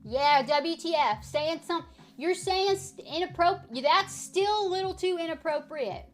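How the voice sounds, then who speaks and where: A woman streamer chatting casually and playfully, swearing freely and sounding out French words slowly. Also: very high-pitched, lively intonation. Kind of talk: casual live-stream chat.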